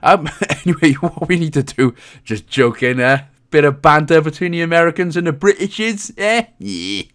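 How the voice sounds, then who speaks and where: A man's voice: fairly high pitch, expressive, normal speed, fairly bright tone. A man with a Welsh accent giving casual gameplay walkthrough commentary, chatty and joking, with frequent "um"s as he goes. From Britain. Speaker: game walkthrough host.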